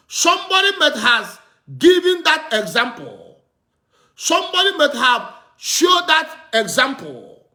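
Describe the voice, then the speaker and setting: A man preaching a sermon, teaching with slow, emphatic repetition and asking the listeners questions he answers himself. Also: extremely high pitch, pushed and bright. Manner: repetitive call-and-response teaching, asks "what?" and answers; slow, emphatic delivery with drawn-out words.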